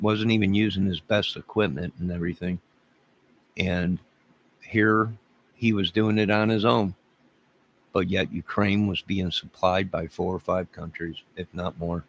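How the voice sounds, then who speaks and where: A man around fifty ranting to his livestream chat, rambling and exasperated, repeating himself. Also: sits low.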